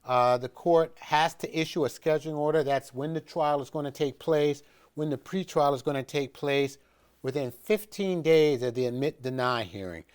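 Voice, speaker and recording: A man's voice: on the high side, normal speed, smooth. A middle-aged man teaching in an informal, conversational way, pressing his points firmly and often restarting his sentences. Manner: conversational and emphatic, with frequent restarts and fillers. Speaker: instructor of an educational video series. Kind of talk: informal instructional talk.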